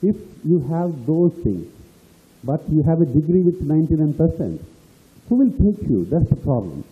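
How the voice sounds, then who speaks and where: A man's voice: fairly high pitch, sing-song, normal speed. A man with an Indian English accent giving a motivational speech to students, telling anecdotes and acting out the dialogue. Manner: storytelling, acts out dialogue in anecdotes. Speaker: speaker at a university celebration. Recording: tinny phone-like lo-fi audio.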